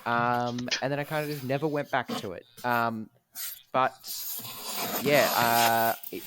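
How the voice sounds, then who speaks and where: A man's voice: mid-range voice, steady tone, measured pace, background noise. A young man co-hosting a podcast, talking in a laid-back, self-deprecating way full of ums. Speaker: podcast co-host. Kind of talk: casual chat.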